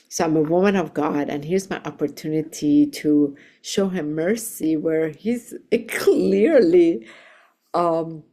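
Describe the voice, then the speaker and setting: Brief: woman reverend, host, calm and gentle storyteller, low-pitched and mellow. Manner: calm, gentle, with sudden pitch lifts when quoting. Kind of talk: storytelling on a podcast.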